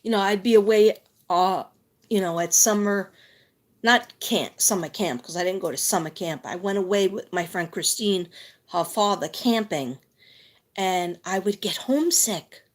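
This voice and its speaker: A woman's voice: mid-range voice, unhurried. A woman doing a psychic tarot reading live, talking in a rambling, chatty way with lots of fillers.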